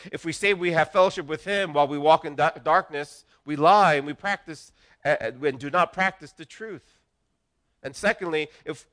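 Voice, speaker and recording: A man's voice: on the high side, a bit bright. A middle-aged man preaching a sermon as pastor, earnest and conversational, often restarting his phrases.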